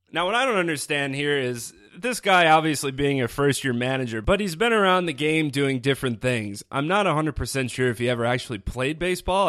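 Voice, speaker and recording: A man's voice: medium pitch, fairly bright tone, dry recording, clean studio sound. A man hosting a sports podcast alone, talking casually with sarcastic asides. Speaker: podcast host. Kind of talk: solo sports podcast commentary.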